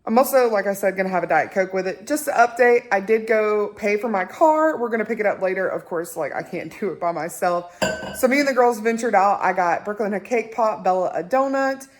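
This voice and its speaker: A woman's voice: medium pitch, expressive, fairly quick, slight background noise. A young woman, chatting and rambling casually to her phone camera at home as a mother and vlogger. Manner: chatty, rambling, warm toward viewers. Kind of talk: casual vlog chat to camera. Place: at home indoors. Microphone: handheld phone camera.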